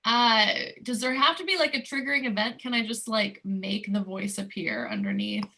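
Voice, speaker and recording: A woman's voice: fairly high pitch, moderate pace, pushed and bright. A woman playing a tabletop game, giggly and playful. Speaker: player.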